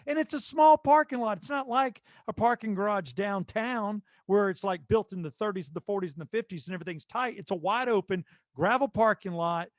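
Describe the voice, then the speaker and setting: Male podcast host, slightly high voice, animated storyteller with lots of fillers, dry and slightly muffled audio. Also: dry recording. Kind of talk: casual podcast chat.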